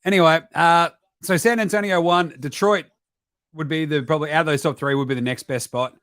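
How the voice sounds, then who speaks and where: An Australian man hosting a basketball stream, talking in a sweary, animated way that jumps into mocking voices and sudden shouts. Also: on the high side, fairly quick, no room sound, clean studio sound. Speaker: basketball podcast host. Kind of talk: profane casual live-stream commentary.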